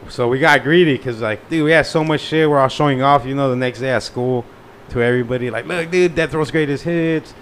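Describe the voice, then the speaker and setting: A young man telling a profane, animated story in casual slang. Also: mid-range voice, fast talker, few pauses, a little hiss or hum.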